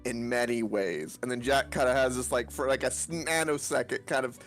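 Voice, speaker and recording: A man's voice: medium pitch, a little fast, a bit bright, faint music behind. A man playing in a tabletop game, rambling as he describes his character's actions and laughing often. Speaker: player.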